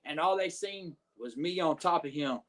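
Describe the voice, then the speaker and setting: A man, a wrestler guest telling stories in an animated, profane, filler-heavy way. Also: a little high, normal speed. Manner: animated, profane storytelling with many "you know what I'm saying" fillers. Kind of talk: casual storytelling interview.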